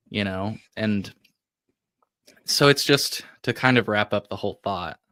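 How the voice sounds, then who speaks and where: A man's voice: on the low side, moderate pace, pushed and bright, no room sound. A male podcast host telling a personal story in a casual, rambling way, full of "like" and restarts. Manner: rambling, heavy use of "like", frequent restarts.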